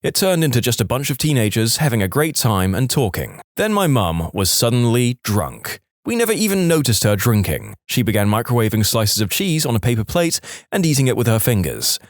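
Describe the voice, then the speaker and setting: A man reading submitted stories aloud in an animated storytelling manner on a close studio mic. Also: mid-range voice, brisk, few pauses, dry recording. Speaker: story narrator.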